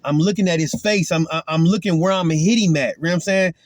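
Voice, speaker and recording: Man, earnest testimony, fairly high voice, dry close sound. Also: quick pace, no echo. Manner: earnest and emphatic, retelling a confrontation. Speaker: Christian testifier. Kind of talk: casual spoken testimony.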